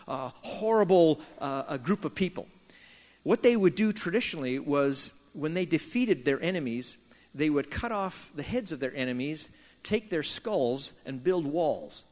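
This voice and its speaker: Guy preaching a sermon, kinda high voice that swoops all over, big echoey church sound. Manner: animated storytelling, voicing Jonah and God in quoted lines. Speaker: pastor.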